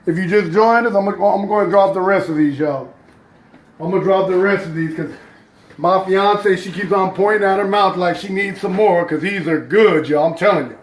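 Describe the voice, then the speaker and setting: A man's voice: sits high, normal speed, reverberant, a little hiss or hum. A man chatting upbeat to viewers in a casual live cooking stream from his kitchen. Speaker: home cook hosting a live stream.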